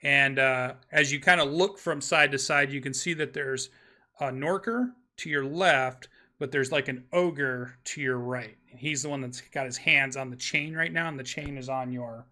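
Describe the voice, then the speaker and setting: A man's voice: mid-range voice, normal speed, sharp tone. A man narrating a tabletop game as game master, rambling and hesitant with many fillers. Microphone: streaming microphone.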